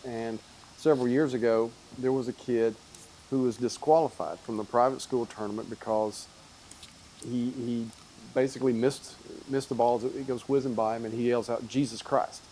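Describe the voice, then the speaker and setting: Man, mellow voice, relaxed host chat, faint background hiss. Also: medium pitch, normal speed, low-quality recording. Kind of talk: casual chat.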